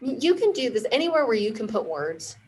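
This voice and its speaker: A woman who founded a marketing firm, a podcast guest explaining ideas in clear, confident steps. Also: a little high, sing-song, brisk, darkish tone, slight background noise, rough recording. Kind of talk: casual interview explanation.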